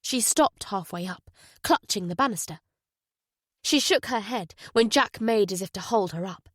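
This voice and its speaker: A woman narrating a mystery thriller audiobook at a measured pace. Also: mid-range voice, expressive, fairly bright tone, no echo, studio quality. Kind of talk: scripted narration.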